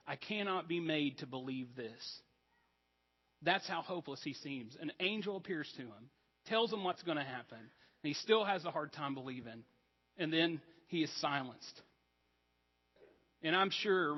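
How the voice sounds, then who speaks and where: Man, pastor, sermon, conversational, earnest, higher voice, reverberant church hall. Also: highs cut off. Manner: conversational, earnest preaching with asides. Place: church sanctuary.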